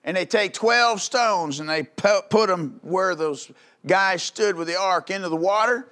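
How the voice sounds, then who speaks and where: A pastor in a church delivers a folksy, conversational sermon, peppering it with quick rhetorical questions. His voice sits high for a man and rings bright and forceful, swelling into loud, urgent calls. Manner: rises to loud calls in the climaxes.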